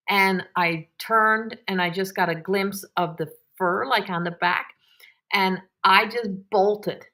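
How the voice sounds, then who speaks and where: Animated older woman telling a story. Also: medium pitch. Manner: animated, laughing, acting out voices in her story; swears freely. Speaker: host. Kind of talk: storytelling in a live Q&A.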